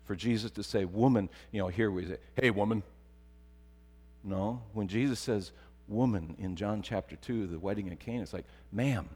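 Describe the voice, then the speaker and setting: A man's voice: lowish voice, quick pace, hardly any pauses, darkish tone. A middle-aged man preaching a sermon, telling stories and building to emphatic repetition. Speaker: pastor. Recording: long hall reverb.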